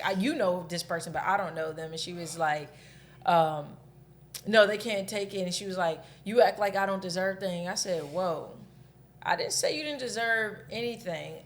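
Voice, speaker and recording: A woman's voice: fairly low pitch, a little hiss or hum. A woman in her thirties, a podcast co-host, telling a breakup story candidly in casual chat and swearing freely.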